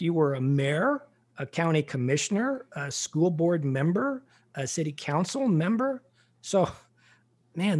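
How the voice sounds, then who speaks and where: A man's voice: fairly high pitch, breathy edge. A man hosting an interview, talking casually and with enthusiasm, with plenty of filler words. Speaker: interview host. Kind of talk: interview conversation.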